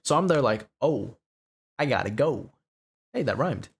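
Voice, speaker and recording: A man's voice: mid-range voice, big pitch swings, measured pace, vocal fry, husky. A young man co-hosting a podcast, telling a long story in a rambling, profane way full of "you know" and "right?". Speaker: podcast co-host. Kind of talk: casual storytelling chat.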